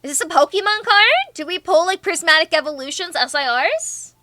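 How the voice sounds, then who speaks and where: Bubbly high-voiced young woman streamer. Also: expressive, fairly quick, pushed and bright. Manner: bubbly, playful and teasing. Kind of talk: casual livestream chat reading comments.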